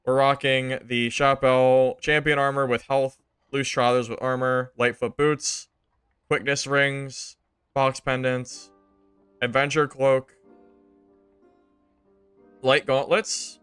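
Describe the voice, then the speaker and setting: A young man casually commenting on his gameplay to stream viewers, joking and exasperated, jumping to loud high outbursts. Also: clean tone, no echo. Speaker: game streamer.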